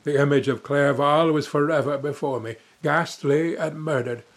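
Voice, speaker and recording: A man's voice: on the high side, fairly even intonation, normal speed. A young man narrating a classic novel in first person with dramatic, emotive delivery. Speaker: audiobook narrator.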